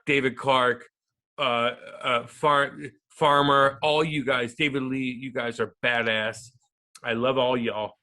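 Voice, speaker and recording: A man in his thirties tells stories as an interview guest, loud and profane, then dropping to mumbled asides. His voice sits at an ordinary middle pitch. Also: fairly even intonation, takes it slowly. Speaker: guest, former hockey enforcer and radio host. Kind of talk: animated interview storytelling.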